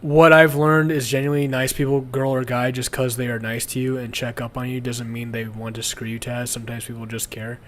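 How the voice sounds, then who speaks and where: A man's voice: medium pitch, completely flat delivery, brisk, few pauses, fairly bright tone, slight background noise. A young man chatting casually on a livestream, crude and rambling, often breaking into laughter. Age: young adult. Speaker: streamer.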